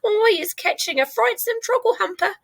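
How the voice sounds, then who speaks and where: Lady putting on an excitable old giant guy, high squeaky, mixed up words, dry sound. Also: normal speed, no room sound, heavily acted. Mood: distressed. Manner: excitable, cries out in jumbled words. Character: big friendly old male giant, muddled grammar.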